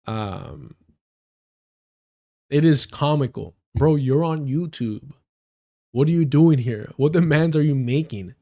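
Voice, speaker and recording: A man's voice: mid-range voice, expressive, takes it slowly, long pauses, mellow. A man hosting a livestream, giving heated and sarcastic political commentary with frequent swearing. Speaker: livestream host.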